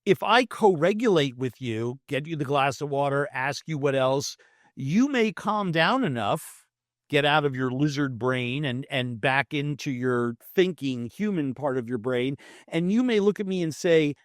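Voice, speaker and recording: A man's voice: a little high, expressive, moderate pace, no echo, clean studio sound. An older man in his sixties, a guest in an interview, telling stories animatedly and acting out the quoted dialogue. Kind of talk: conversational interview talk.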